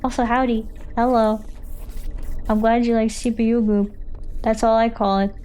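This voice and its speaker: Young woman streamer, high voice, rambling, tired, jokes with chat from a desk mic. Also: level tone, normal speed, mellow, a little hiss or hum. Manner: rambling, thinks aloud, jokey with chat. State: foggy and tired. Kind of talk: casual live-stream chat while gaming.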